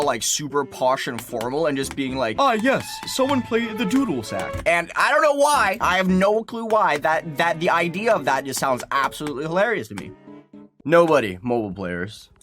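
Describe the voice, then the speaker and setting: A man giving casual gaming stream commentary, excitable and loose-tongued, swearing and bursting into laughter. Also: mid-range voice.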